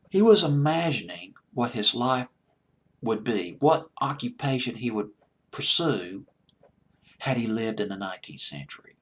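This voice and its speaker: Man, deejay host, husky voice, chatty and rambling, slips into soft near-whispers. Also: medium pitch. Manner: enthusiastic, rambling, drops to a hushed near-whisper when gushing. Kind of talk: late-night music commentary.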